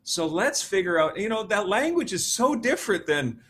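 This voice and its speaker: A man in his fifties, a motivational speaker giving an interview, telling stories in a lively way and laughing often. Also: high-pitched, normal speed, husky. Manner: animated storyteller, laughs often, acts out quotes. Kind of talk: conversational interview.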